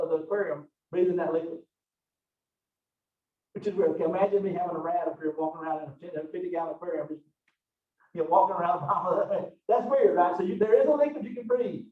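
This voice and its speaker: A man teaching an anatomy lecture in a casual, chatty, folksy way. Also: high-pitched. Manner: folksy and chatty, Southern phrasing. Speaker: college anatomy and physiology instructor. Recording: echoey, distant, dull lo-fi room recording.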